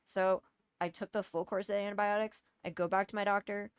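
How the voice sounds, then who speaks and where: A woman's voice: mid-range voice, level tone, fairly quick, clean tone, no room sound, clean studio sound. A woman telling a personal story in a casual, exasperated rant, swearing often and hitting key words hard. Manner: exasperated, profane, emphatic.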